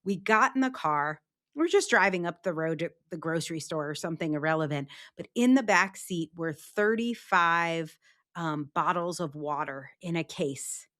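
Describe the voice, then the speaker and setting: A woman guest in a casual interview, telling stories in a lively way and acting out what people said. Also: lowish voice, moderate pace. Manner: animated storyteller, acts out quoted voices. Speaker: podcast guest.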